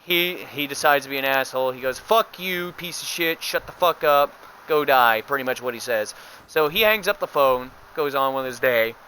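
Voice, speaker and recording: A man's voice: medium pitch, sharp tone, a little hiss or hum. A young man telling a long story while he streams a game, swearing often and laughing. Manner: profane, laughing, full of fillers. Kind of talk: casual rambling storytelling while gaming.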